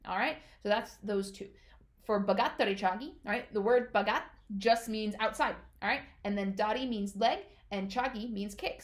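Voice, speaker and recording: A woman teaches martial arts terms at a brisk clip, speaking quickly. She explains things patiently and keeps checking in with her students. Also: medium pitch. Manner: patient, checks in with frequent "all right?". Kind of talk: instructional explanation.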